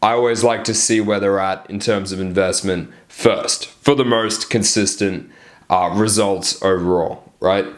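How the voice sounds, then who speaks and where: A man's voice: fairly low pitch, steady tone, a little slow. A man coaching about dating in a blunt, casual way, swearing often and checking in with "right?". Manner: blunt, profane, peppers lines with "right?". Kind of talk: casual coaching talk to camera.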